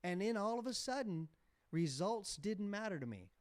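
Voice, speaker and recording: A man in his forties, a podcast guest telling candid stories in casual interview talk and growing animated as he recalls events. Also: high-pitched, moderate pace, no room sound. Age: 40s. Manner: candid storytelling, animated when retelling a scene. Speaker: podcast guest, motocross team owner.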